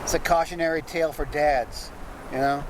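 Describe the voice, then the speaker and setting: A man with a slightly high voice tells stand-up one-liners outside on a city street, dry and deadpan, muttering to himself between jokes. Traffic rumbles clearly behind him as cars go by. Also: normal speed. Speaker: street comedian. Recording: street recording with loud traffic noise. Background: traffic noise, passing vehicles.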